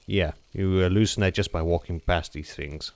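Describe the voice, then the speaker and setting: A man's voice: low-pitched, fairly even intonation, normal speed, a little mellow, no echo. A man hosting a gameplay video, explaining his building plans step by step in a chatty, joking way. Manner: chatty, jokey, explains step by step with frequent "okay?". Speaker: gameplay channel host. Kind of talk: casual gameplay commentary.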